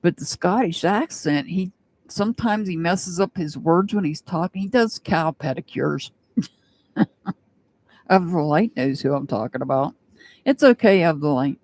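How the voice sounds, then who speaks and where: Slow, chatty woman reading tarot. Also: deep voice, a little mellow. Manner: chatty, rambling, laughs often. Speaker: tarot reader. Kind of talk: live-stream tarot reading, chatting with viewers.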